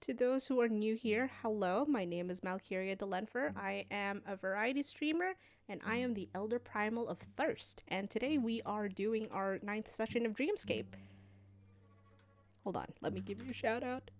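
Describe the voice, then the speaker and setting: A woman streamer, game master, narrating a tabletop game on a live stream, halting with many fillers. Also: mid-range voice.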